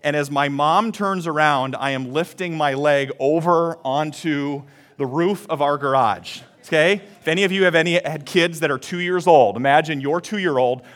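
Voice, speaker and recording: Man, 30s, pastor, conversational sermon storyteller, slightly higher voice. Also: moderate pace. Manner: lively, conversational, calls for congregation responses.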